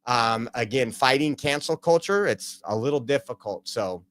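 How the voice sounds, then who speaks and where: A man's voice: mid-range voice, lively intonation, moderate pace, a bit bright, no echo. A man hosting a casual live stream from home, talking loosely with many fillers. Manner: rambling, many fillers, reads out jokes. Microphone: home streaming computer.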